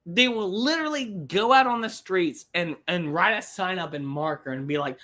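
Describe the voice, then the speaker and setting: A woman's voice: fairly low pitch, moderate pace, a bit bright. A woman hosting a livestream podcast, ranting with lots of swearing and repetition. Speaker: podcast host.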